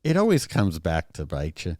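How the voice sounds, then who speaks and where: A man's voice: low voice, huge pitch swings, moderate pace, dark tone, no room sound, studio quality. A man co-hosting a sports talk show, opinionated and talking in bursts with frequent restarts. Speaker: podcast co-host. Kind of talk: casual sports chat.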